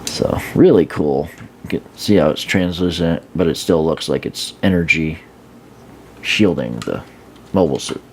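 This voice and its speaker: A man's voice: rumbling low, unhurried, a little mellow, slight background noise. A man casually showing and reviewing an action figure, rambling with fillers and restarts. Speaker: toy reviewer. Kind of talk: casual hands-on product review.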